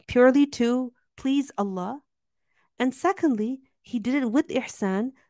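A woman gives a religious lesson, asking herself questions and answering them as she goes. She recites Arabic verses quickly, and her voice sits close and dry, with no room sound. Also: a little high, a little mellow, dry recording. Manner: explains step by step, asks and answers own questions. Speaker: Islamic teacher.

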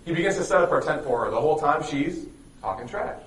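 A man's voice: on the high side, expressive, quick pace, a bit bright, slight background noise. A man telling a religious story to a live audience, joking and quizzing them as he goes, heard in an echoey room from a distant mic. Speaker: youth speaker.

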